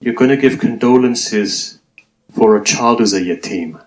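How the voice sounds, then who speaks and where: A man's voice: mid-range voice, measured pace, low-quality recording. A man preaching a mourning sermon, telling a story in a conversational way and speaking straight to his listeners. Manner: conversational storytelling, addressing the audience directly. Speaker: Muslim preacher.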